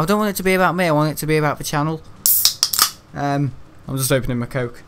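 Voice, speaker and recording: A man streaming a game and talking loosely to his viewers. His voice sits a little high for a man, and he rambles and grumbles with frequent laughter. A faint hiss of noise sits under the voice. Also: quick pace. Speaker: gaming live streamer. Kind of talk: casual livestream chat while playing.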